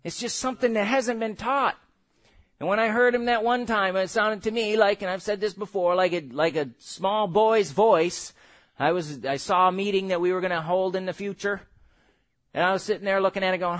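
A man preaching a sermon, animated, acting out voices and laughing as he goes. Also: sits high, normal speed. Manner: animated, acts out quotes, laughs.

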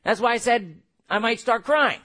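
High-voiced animated male preacher. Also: moderate pace. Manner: animated, acts out quotes, laughs. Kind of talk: sermon.

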